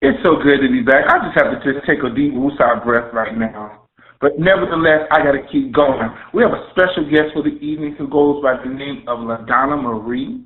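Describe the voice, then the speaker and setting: A man's voice: mid-range voice, a little fast. A man with a Southern US accent hosting an online radio interview, introducing his guest with playful, effusive hype and folksy slang. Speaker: radio show host. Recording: tinny phone-line audio.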